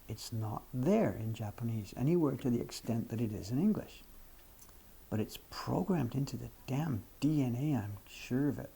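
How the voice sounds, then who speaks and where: A man's voice: mid-range voice, moderate pace, creaky, mellow, husky. A man in his seventies chatting casually on his livestream, frank and self-deprecating as he answers viewers' questions. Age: 70s. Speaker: livestream host.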